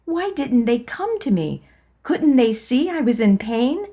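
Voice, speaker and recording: A woman narrating a spiritual memoir as an audiobook, in a calm, measured reading voice. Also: a little high, breathy edge. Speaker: audiobook reader.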